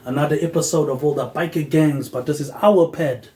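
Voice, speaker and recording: A man hosting a solo podcast, rambling loosely with "um" pauses and dropping a low, quiet "mate" at the end of his phrases. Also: steady tone, roomy sound, low-quality recording. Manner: drifting, loosely connected talk with "um" pauses. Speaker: podcast host.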